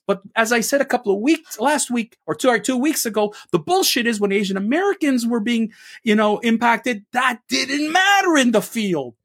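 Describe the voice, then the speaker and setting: A man with a high, somewhat bright voice co-hosts a sports opinion show, ranting emphatically and firing off rhetorical questions.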